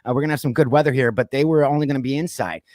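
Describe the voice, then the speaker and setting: A man's voice: mid-range voice, rapid-fire, darkish tone, no room sound, studio quality. A man hosting a casual pop culture podcast, chatting loosely and reading off lists with plenty of fillers. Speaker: podcast host. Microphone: streamed call mic.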